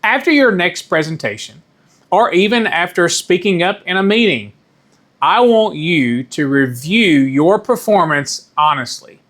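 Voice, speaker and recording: A middle-aged man giving a measured, deliberate talk as a communication coach, stressing key words and now and then correcting himself. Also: high voice, expressive, a bit bright. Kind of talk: instructional talk to camera.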